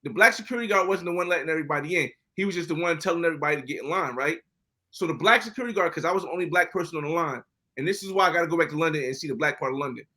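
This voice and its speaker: An American man, a podcast guest, telling travel stories in a casual, animated way, often acting out other people's lines. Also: a little high, very fast. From United States. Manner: animated, acts out quoted dialogue. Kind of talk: casual storytelling interview.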